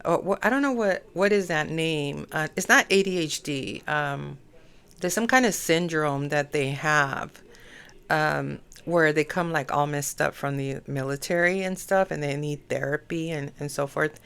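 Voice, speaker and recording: A woman's voice: sits low, a little slow, gravelly, fairly bright tone, clear, resonant tone. A middle-aged woman hosting an astrology podcast, chatting in a rambling way full of "you know" fillers. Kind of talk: rambling casual monologue.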